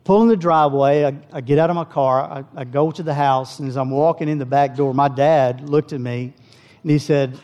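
A man preaching, telling a personal story with acted-out dialogue and easing into soft prayer at a church service. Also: mid-range voice, fairly even intonation, a little fast, lo-fi sound. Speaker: pastor. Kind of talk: sermon testimony. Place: church service, also streamed online.

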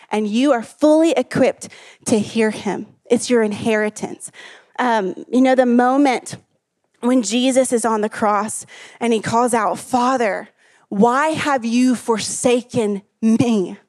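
Woman preacher with a fairly high voice, dry close sound; earnest, emphatic sermon delivery that leans on key words and calls for congregation responses. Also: unhurried, darkish tone, no echo.

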